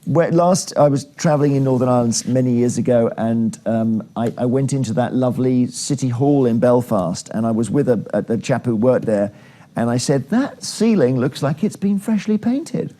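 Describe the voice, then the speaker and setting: A man's voice: mid-range voice, animated, normal speed, dark tone. A man hosting a TV panel chat, leading the talk in a chatty, jokey way. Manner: chatty, jokey, leads the discussion. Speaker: TV talk show host.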